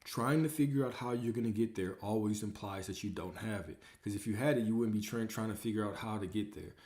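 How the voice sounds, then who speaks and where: A man answering questions from livestream viewers coaches them, repeating rhetorical questions to drive his points in. His voice is fairly low and darkish, his delivery fairly quick, and the room is echoey.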